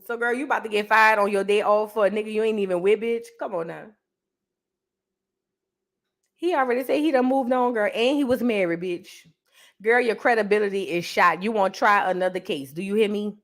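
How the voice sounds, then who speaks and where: A woman hosting a reaction show, commenting loudly and profanely, with lots of emphatic repetition. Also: medium pitch.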